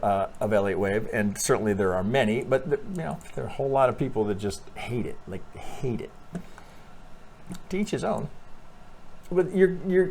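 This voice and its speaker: A man giving a casual chart walkthrough as a trading analyst, talking animatedly, swearing freely and thinking out loud with lots of restarts. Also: mid-range voice, slight background noise.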